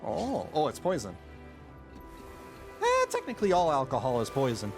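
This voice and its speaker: A man's voice: mid-range voice, huge pitch swings, moderate pace, faint music behind. A man streaming a game, chatting and joking casually, often exclaiming in surprise. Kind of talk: casual live-stream commentary.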